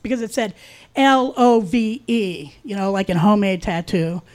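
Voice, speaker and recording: A woman telling a personal story in a casual, wry way, with deadpan asides. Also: mid-range voice, moderate pace.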